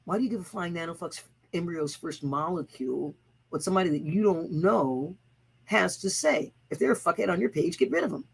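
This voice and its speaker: A woman's voice: fairly low pitch, lively intonation, fairly quick, creaky, slightly rough, low-quality recording. A woman hosting her own livestream, talking bluntly and profanely, chanting repeated slogans to rally her viewers. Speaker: host of own channel. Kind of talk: livestreamed motivational rant.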